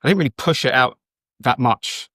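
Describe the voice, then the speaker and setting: A man in his late forties from England, a guest on a podcast, talking in a relaxed, hesitant way with many pauses. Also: medium pitch, dry recording, studio quality. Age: 40s. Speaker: guest, DJ and photographer. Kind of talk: casual interview chat.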